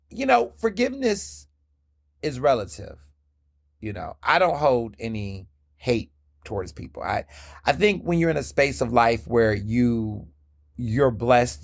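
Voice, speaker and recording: A man's voice: mid-range voice, no room sound, clean studio sound. A man in his thirties from the American South, hosting a casual solo podcast. He talks candidly and with energy, and slips into playful voices when he quotes people. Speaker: podcast host.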